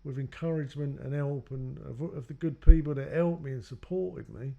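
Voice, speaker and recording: A man's voice: mid-range voice, moderate pace, gravelly, warm tone, dull audio. A man telling his own life story in a loose, rambling way, acting out what others said to him. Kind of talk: personal storytelling.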